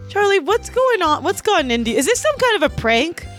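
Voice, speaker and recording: A woman's voice: very high-pitched, big pitch swings, fairly quick, a bit bright, faint music behind. A woman co-hosting a comedy podcast, laughing and playing along in an improvised scene.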